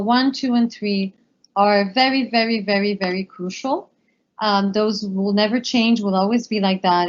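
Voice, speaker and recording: Woman explaining a language lesson. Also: a little high. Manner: fluent, encouraging explanations. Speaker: co-teacher. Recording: dull lo-fi recording.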